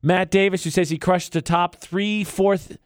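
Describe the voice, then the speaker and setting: A man's voice: high voice, steady tone, unhurried, clear, resonant tone, dry recording. Chatty male radio host, dry studio sound. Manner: chatty, laughs often, squeamish. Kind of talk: casual radio banter.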